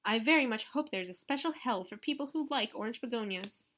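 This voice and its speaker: A woman's voice: on the high side, expressive, a little fast. Woman voicing a stern old grandmother. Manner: sharp, commanding. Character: stern elderly grandmother, imperious matriarch.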